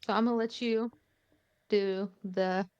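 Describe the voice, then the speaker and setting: A woman co-hosting a podcast who talks in a relaxed, conversational way with casual fillers. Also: medium pitch, takes it slowly, clear, resonant tone, dry recording, dull audio. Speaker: podcast co-host.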